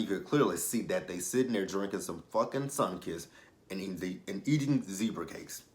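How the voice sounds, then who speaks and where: A man with a somewhat low voice runs through a TV episode in casual, slang-heavy talk. He curses freely, laughs often and leans on plenty of ums as he goes. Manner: loose, profane, laughing, with slang and many fillers. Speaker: TV episode reviewer, channel host.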